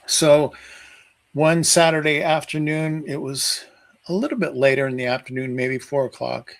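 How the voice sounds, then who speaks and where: A man, a guest on a live-stream interview, telling a personal story in an unhurried, halting way. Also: a little high, steady tone, gravelly, poor audio. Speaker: guest researcher.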